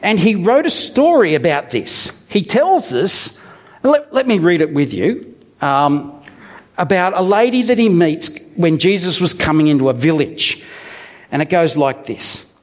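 Reading from the Bible and then explaining it with playful jokes, a male preacher delivers a conversational, story-filled sermon as if chatting with friends. He speaks unhurriedly in a fairly high voice for a man that rises and falls expressively, animated throughout.

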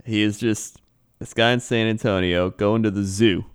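A man's voice: fairly low pitch, fairly even intonation, moderate pace, clean tone. Laid-back young man telling stories. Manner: laid-back, laughs easily, acts out others' lines. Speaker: podcast co-host. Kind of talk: casual chat, storytelling.

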